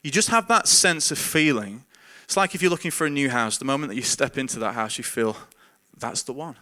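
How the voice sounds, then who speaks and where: A pastor delivering a conversational sermon, his voice bright and ringing at a middle pitch. He preaches earnestly but informally, stumbling over repeated words and chuckling between thoughts. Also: animated, fairly quick.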